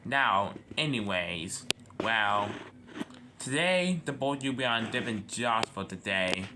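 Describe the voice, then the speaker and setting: A man's voice: on the low side, expressive, measured pace, noisy background. A man voicing a bossy railway boss who hands out jobs in an officious way. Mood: instructing. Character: bossy male railway boss in a top hat.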